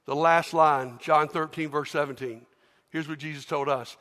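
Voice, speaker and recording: Man, pastor, sermon, animated storytelling, high voice, long church reverb. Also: normal speed. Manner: animated storytelling, acts out scenes. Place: large church.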